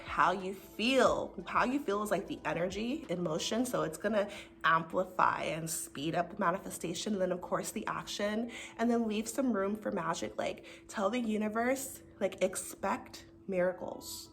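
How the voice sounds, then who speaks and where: Speaking with vocal fry in a mid-range voice, a young American woman shares personal stories with her viewers. She's a spiritual vlogger whose casual, heartfelt storytelling is chatty, earnest, and packed with "like," with soft music underneath.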